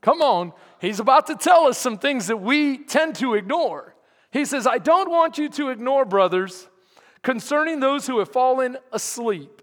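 Man, pastor, very high voice, emphatic sermon, long hall reverb. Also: a bit bright. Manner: emphatic, asks the congregation questions.

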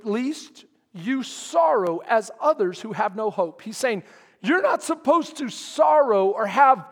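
A man's voice: very high-pitched, in a large hall. A man preaching a sermon as pastor, emphatic and quizzing his congregation. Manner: emphatic, asks the congregation questions.

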